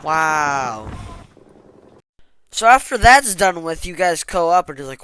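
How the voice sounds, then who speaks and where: A man recapping a war game's story as a joke, animated and sarcastic. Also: fairly high pitch, takes it slowly, pauses often, smooth, no room sound. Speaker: gaming YouTuber. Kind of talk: comedic game story recap.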